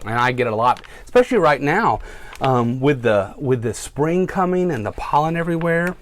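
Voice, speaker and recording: A man who works as a firefighter reads a picture book aloud to children, with a lively storytime manner. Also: fairly high pitch, normal speed, no room sound.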